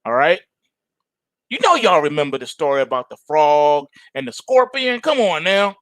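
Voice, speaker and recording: Animated slangy market-show host man. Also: a little high, normal speed, no echo. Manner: animated, slangy, ranting asides. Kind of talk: casual market commentary.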